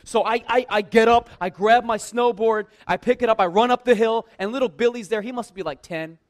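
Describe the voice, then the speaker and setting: This funny personal anecdote comes from a high-voiced church worker talking at a brisk pace. It's casual and lively, with a conversational flow, heavy use of "like" and plenty of self-deprecating humor.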